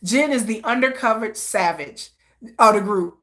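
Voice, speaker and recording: Bright, chatty woman livestreamer. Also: mid-range voice, normal speed. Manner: chatty, laughs often, animated asides; slangy, conversational. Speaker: livestream host. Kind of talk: casual livestream chat.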